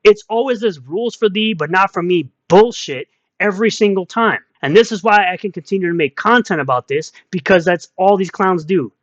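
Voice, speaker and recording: A man's voice: high voice, a little fast, a bit bright, dry recording. Man, ranting commentary, mocking, combative, slightly dull lo-fi sound. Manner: combative, mocking, repeats insults. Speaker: online commentator.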